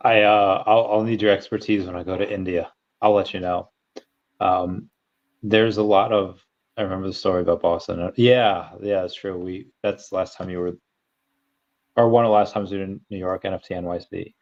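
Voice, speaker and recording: A man's voice: low voice, steady tone, a little fast. A man co-hosting a live stream, chatting casually and asking his guest questions. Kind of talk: casual chat. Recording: dull, muffled audio.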